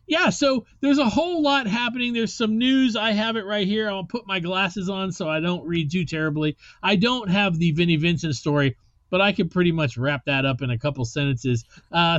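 A man with a high-pitched voice hosts a podcast in a loose, rambling way and swears casually. The sound is dry and a little dull, as if lo-fi. It is casual podcast chat. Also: normal speed, fairly bright tone, no echo. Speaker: podcast host.

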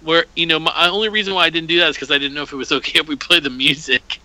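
A man hosts a trivia round on a casual podcast, reading questions and joking between answers. His voice is bright and forward, a little higher than most men's. The sound is close and dry. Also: steady tone, racing, dry recording, poor audio. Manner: jokey, reads out questions and answers, laughs often. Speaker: podcast host running a trivia quiz.

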